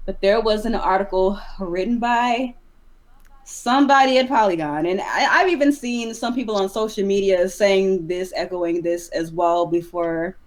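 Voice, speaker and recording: A woman hosting a casual gaming podcast, talking in a chatty, animated way and sounding exasperated at times. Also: medium pitch, moderate pace. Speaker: podcast host.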